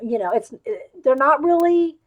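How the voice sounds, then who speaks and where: A woman's voice: high-pitched, lively intonation, normal speed, narrow, tinny audio, faint music behind. A woman hosting a casual show-and-tell live stream from her craft table at home, rambling and chatting straight to her viewers over a webcam. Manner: rambling, wanders off topic.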